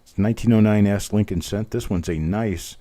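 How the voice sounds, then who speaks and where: A man's voice: lowish voice, fairly quick, warm tone. A man hosting a live online coin auction, calling bids in a rhythmic patter and joking about himself between lots. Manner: chatty, self-deprecating, rhythmic bid calling. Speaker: auctioneer host.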